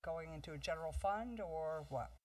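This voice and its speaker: A woman's voice: sits low, normal speed, darkish tone, no echo, recorded from a distance, poor audio. A woman speaking as a town councilor at a meeting, asking questions hesitantly.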